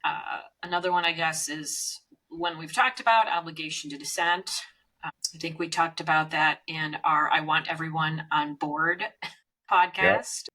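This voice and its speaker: A woman's voice: low voice, moderate pace, bright, forceful tone, poor audio. A woman co-hosting a business podcast, telling workplace stories in a chatty way with frequent fillers. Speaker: podcast co-host.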